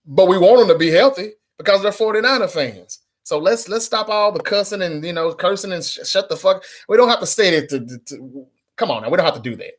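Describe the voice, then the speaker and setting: A man's voice: high voice, expressive, brisk. A man hosting a sports fan channel, ranting bluntly and with frustration to camera, swearing and repeating himself. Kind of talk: casual fan rant to camera.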